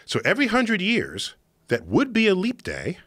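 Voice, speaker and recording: Man, podcast guest, animated excitable explaining, swooping higher voice, dry studio sound. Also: moderate pace, dry recording. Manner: emphatic, excitable lecturing. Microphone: studio podcast microphone.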